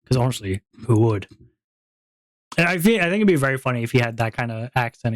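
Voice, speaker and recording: A streamer ending a casual live stream, rambling with many fillers and plenty of giggling. The voice sits at a middle pitch, and the talk stays loose and unscripted. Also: animated, quick pace.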